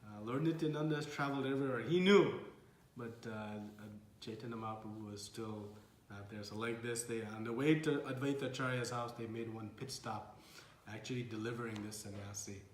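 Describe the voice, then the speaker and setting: Animated male devotional storyteller. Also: medium pitch, a little fast, echoey room, a little hiss or hum. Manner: animated storytelling, acts out characters. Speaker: devotional speaker. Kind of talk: sermon storytelling.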